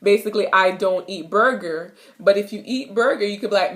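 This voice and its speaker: A young woman with a Jamaican accent gives a playful, giggly patois lesson in her kitchen, repeating words slowly. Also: mid-range voice. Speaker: vlogger teaching patois. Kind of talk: casual video lesson. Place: home kitchen.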